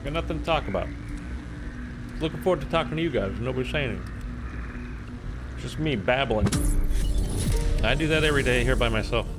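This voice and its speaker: A man's voice: medium pitch, expressive, a little fast, pauses often, over music. A man streaming a game, chatting and rambling to his viewers. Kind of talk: casual gameplay chat. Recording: game noise behind the voice.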